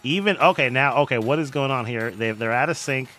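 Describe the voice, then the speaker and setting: A man casting a live online game match, excitable and jokey, often cracking up with laughter. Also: mid-range voice, fairly quick. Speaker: game commentator. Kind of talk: live esports commentary.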